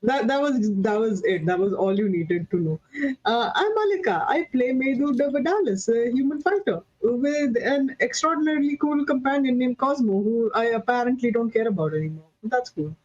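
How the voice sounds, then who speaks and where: A woman player on a tabletop game stream, joking in a dry, deadpan way. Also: fairly high pitch, normal speed, hardly any pauses, dry recording, dull audio. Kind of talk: casual chat on a game stream.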